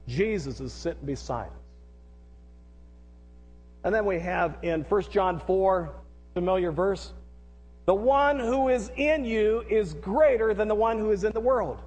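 A middle-aged male pastor with a high yet somewhat mellow voice preaches a sermon, earnestly repeating points and leading call-and-response. Long reverberation from a large hall lingers after each line.

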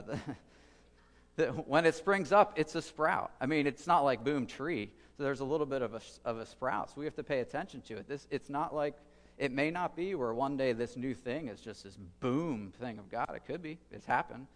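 A man preaches to his congregation in a relaxed, conversational way, pausing with fillers and circling back on his words as he thinks aloud. His voice sits at an ordinary middle pitch. The sound carries the long reverb of a church hall. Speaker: pastor. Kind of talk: sermon.

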